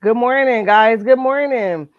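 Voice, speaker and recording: A woman's voice: fairly high pitch, measured pace, no echo, highs cut off. Sassy woman live-streaming gossip talk. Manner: sassy, emphatic, talks straight to viewers and chat. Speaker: live-stream host commenting on celebrity gossip. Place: at her workplace, indoors. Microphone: computer mic.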